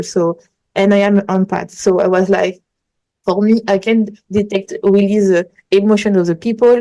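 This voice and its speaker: A woman's voice: medium pitch, mellow, low-quality recording. A woman, a coach talking as a guest in a casual interview, telling earnest, rambling stories in English. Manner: earnest, rambling storytelling in non-native English. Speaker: manifestation coach, podcast guest.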